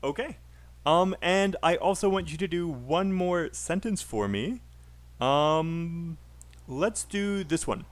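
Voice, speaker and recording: A man's voice: fairly high pitch, lively intonation, slow pace. A man teaching a live online English speaking class, patiently coaching a student's pronunciation.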